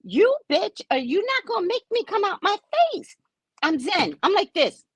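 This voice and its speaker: A woman's voice: very high voice, sing-song, normal speed, fairly bright tone, no echo. A woman psychic reader telling a story on a casual live stream, brash, profane and mocking.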